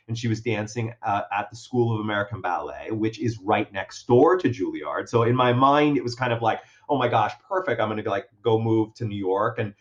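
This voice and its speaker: Over lo-fi audio, a guest actor in a relaxed interview spins out a lengthy story, stumbling through fillers and restarts and laughing a lot. He has a medium-pitched voice.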